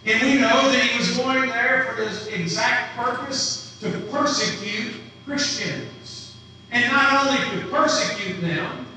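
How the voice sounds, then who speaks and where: A man's voice: extremely high pitch, pushed and bright, a little hiss or hum. A man preaching a sermon who asks his congregation questions as he teaches. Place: church sanctuary. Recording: roomy, distant church recording.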